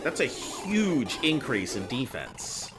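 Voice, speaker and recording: A man chatting casually with viewers while he plays, rambling and thinking out loud. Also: medium pitch, sing-song, slow pace. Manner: rambling, talks to chat while playing. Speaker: game streamer. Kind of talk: casual live-stream chat. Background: game music.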